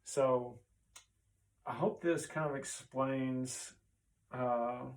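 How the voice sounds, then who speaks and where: A man's voice: mid-range voice, fairly even intonation, extremely slow, recorded from a distance, poor audio. A man, a chiropractor, explaining health ideas in a casual, conversational way, often checking in with "right?" and pointing to a chart as he goes.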